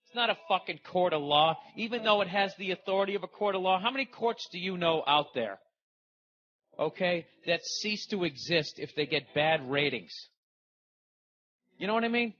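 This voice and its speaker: A middle-aged man holds forth as a podcast host, ranting in a heated, swearing, rambling comedic monologue. His voice sits a little high for a man. The recording sounds dull and lo-fi. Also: expressive, normal speed, a bit bright.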